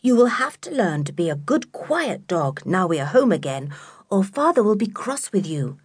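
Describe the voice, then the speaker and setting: A woman's voice: mid-range voice, very animated, normal speed, breathy edge, dry recording, clean studio sound. A woman voicing an outspoken, headstrong tomboy girl in a children's audiobook, with a raised, blunt delivery. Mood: firm.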